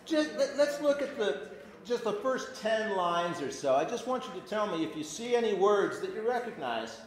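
A man teaching an adult class, his voice sitting a little high and swinging widely as he explains. He talks in an informal lecture style, often breaking off and restarting. The sound carries the echo of a church classroom. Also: moderate pace. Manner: animated, stops and restarts often. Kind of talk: informal lecture with reading aloud. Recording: echoey room.

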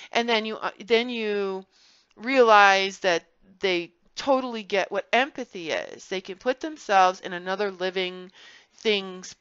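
A woman vlogger talking to camera, explaining and telling stories in an earnest, animated way. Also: medium pitch, clean tone, no room sound, lo-fi sound. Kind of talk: personal vlog commentary.

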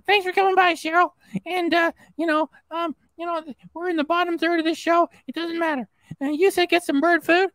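Man doing a high squeaky tomcat mascot, meowing thanks, dry close mic. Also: steady tone, a little fast, fairly bright tone, no echo, low-quality recording. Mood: excited. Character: cheerful male cartoon cat mascot thanking donors.

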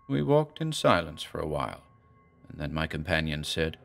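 A man narrating a horror story in a measured, dramatic way. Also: extremely low pitch, sing-song, gravelly, a bit bright, faint music behind. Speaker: audiobook narrator.

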